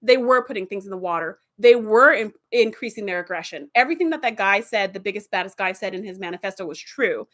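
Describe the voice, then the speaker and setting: A woman's voice: mid-range voice, quick pace, hardly any pauses. A woman hosting a casual review video who retells TV episode plots with lots of fillers. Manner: animated plot retelling with many fillers. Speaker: video host.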